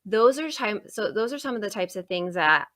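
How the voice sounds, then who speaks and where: A woman hosting an interview, talking in a lively, animated way with lots of fillers and restarts. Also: mid-range voice, normal speed, no room sound, studio quality. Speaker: podcast host. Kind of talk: casual interview chat.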